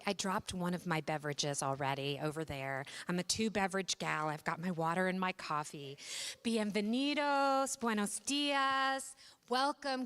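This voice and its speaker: A woman's voice: fairly low pitch, fairly bright tone, no echo. A middle-aged woman, a university president, giving an upbeat welcome speech on an event stage with chatty asides.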